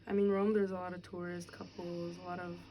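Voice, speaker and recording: A young woman in casual chat as an interviewee, talking outdoors on a city street, chatty and quick to laugh, with lots of fillers. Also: fairly low pitch, little pitch movement, highs cut off, a little hiss or hum. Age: young adult.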